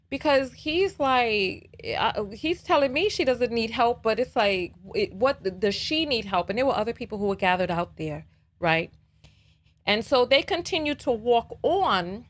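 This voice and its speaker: Woman, call-in show host, casual chat, animated storyteller, fairly high voice. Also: measured pace. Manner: chatty, leans on "you know" and "right?". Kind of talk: casual live call-in talk.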